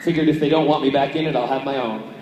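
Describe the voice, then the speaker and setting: A man's voice: medium pitch, fast, far from the mic, muffled recording, over a noisy crowd, heavy background noise. A man answering fan questions at a convention panel in a playful, chatty way, laughing often. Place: large convention hall. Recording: echoey hall, picked up from afar.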